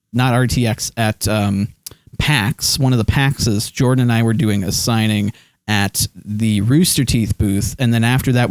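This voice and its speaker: A man's voice: fairly low pitch, a little mellow, smooth, no room sound. A man streaming live, chatting casually about his movie collection with lots of ums and restarts, close to his desk microphone. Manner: rambling, many fillers, reads chat aloud.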